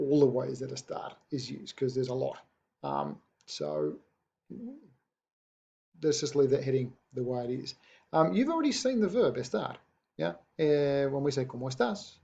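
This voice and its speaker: A man's voice: medium pitch, creaky, darkish tone, breathy edge, lo-fi sound. A man explaining a Spanish grammar point in a recorded lesson, patient and checking in with his students. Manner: patient, checks in with rhetorical "yeah?". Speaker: Spanish teacher.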